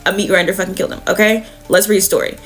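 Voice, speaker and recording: A woman's voice: medium pitch, steady tone, very fast, faint music behind, natural voice. A woman voicing a stern, hard-edged mother who gives curt, profane orders.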